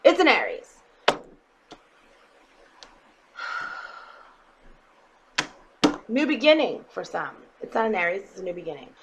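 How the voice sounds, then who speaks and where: Woman tarot reader, mid-pitched, talks bluntly with casual swearing and frequent check-ins. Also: sing-song, drawn-out words, long pauses, dull audio, noisy background. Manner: blunt and emphatic, swears freely, checks in with "okay?". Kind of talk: casual tarot reading to viewers.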